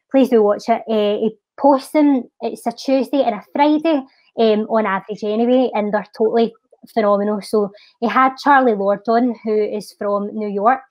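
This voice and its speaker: A woman with a Scottish accent, a charity guest on a podcast, reciting her own spoken-word poem in a slow, measured way and chatting between lines with soft "eh" fillers. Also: a little high, no room sound, lo-fi sound.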